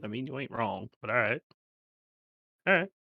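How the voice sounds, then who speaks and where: A man's voice: mid-range voice, expressive, normal speed, creaky, no echo, phone-quality sound. A man playing a tabletop game in a blunt, bossy, swearing manner. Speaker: player. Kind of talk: tabletop game role-play.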